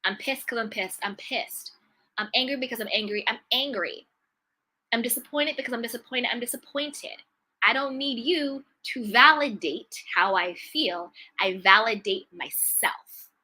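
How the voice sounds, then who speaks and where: A woman coaching on self-love in a motivational talk, her voice bright and forceful. She hammers home her points with repetition and slows down to land the key phrases. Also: fairly high pitch, rough recording.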